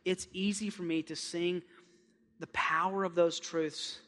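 A male pastor preaching a sermon with passion, dropping to hushed tones and then building up loud. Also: high voice, flat delivery, a little slow. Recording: long hall reverb.

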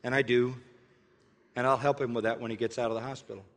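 An older man preaching a sermon, telling a personal story in an earnest way and slowly spelling words out letter by letter. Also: medium pitch, flat delivery, big-room sound. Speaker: pastor.

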